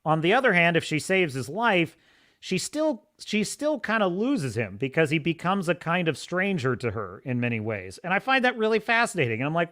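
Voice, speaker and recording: A man's voice: a little high, big pitch swings, moderate pace, sharp tone. A man hosting a livestream podcast, chatting casually and enthusiastically, rambling and laughing often. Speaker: podcast host.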